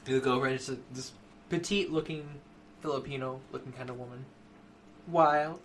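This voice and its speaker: A man's voice: medium pitch, fairly even intonation, quick pace, slight background noise. A man narrating a tabletop game as game master, in a loose, giggly way.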